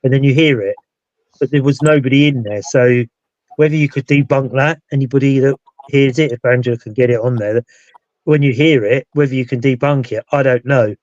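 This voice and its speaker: A man's voice: medium pitch, fairly even intonation, fairly quick, darkish tone, no echo. Rambling British man on a dull lo-fi line. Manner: rambling, loses his thread and restarts. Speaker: paranormal investigator and show host. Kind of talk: casual live-stream chat. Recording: dull dry lo-fi sound.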